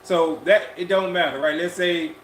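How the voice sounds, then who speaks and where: A man's voice: high-pitched, steady tone, moderate pace, a little hiss or hum. A laid-back man chats casually on a live podcast stream, drawing out his words and circling back over his own phrases. The recording is echoey, with faint ambience behind him. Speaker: podcast co-host.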